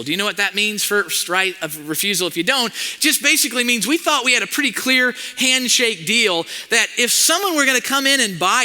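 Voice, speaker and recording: A male pastor telling a story in a sermon, animated and acting out the conversations in it. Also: very high voice. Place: church auditorium. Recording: long hall reverb.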